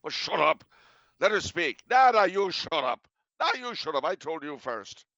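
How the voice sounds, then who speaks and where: A man putting on an Irish brogue to voice quarrelsome villagers shouting each other down. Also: on the high side, very animated, moderate pace, gravelly, no room sound, pitched above the performer's own voice, full character voice. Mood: bickering. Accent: Irish brogue put on. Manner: squabbling, rowdy.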